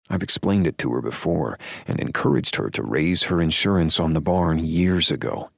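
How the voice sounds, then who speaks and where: A man narrating a romance audiobook in the first person, in a measured, wry way. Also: extremely low pitch, animated, gravelly, a bit bright, husky, dry recording, studio quality.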